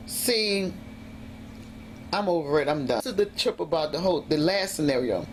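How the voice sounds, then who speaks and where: Animated woman telling a story. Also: medium pitch, normal speed, a little hiss or hum. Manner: animated, emphatic retelling with acted-out quotes. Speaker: vlogger. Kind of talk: casual storytelling vlog.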